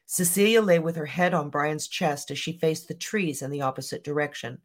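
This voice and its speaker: A podcast host reading a scripted true-crime story in an even, measured way. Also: medium pitch.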